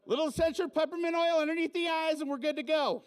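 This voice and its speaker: A man putting on the voice of an excitable male protest leader who pops in with an eager fix. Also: very high-pitched, voice pushed up.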